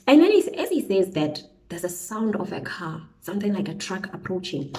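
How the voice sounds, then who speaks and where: A young woman from South Africa, a beauty vlogger chatting through a storytime while she does her makeup, animated and peppered with slang interjections. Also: mid-range voice, normal speed, rough recording. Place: indoors at home, windy outside.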